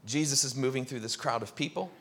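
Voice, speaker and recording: A male pastor preaching a sermon, telling a story with lively acted-out crowd voices. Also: medium pitch, quick pace.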